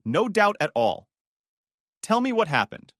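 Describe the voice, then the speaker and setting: Man doing grieving husband, tense, pleading, high, dry close sound. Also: sing-song, a little slow, a bit bright, no room sound, heavily acted. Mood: stunned. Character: grieving middle-aged husband, anxious and proud.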